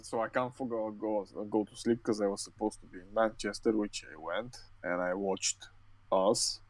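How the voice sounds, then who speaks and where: A man's voice: fairly low pitch, fairly even intonation, normal speed, no echo. Tired young man ranting, dry sound. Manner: sweary, ranting, stumbling restarts. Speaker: podcast co-host. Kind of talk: casual chat.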